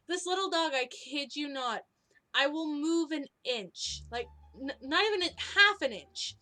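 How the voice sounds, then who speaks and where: A young woman co-hosting a casual video-call hangout, telling animated stories with frequent laughs. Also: high voice, measured pace. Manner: animated storyteller, laughs often. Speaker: co-host.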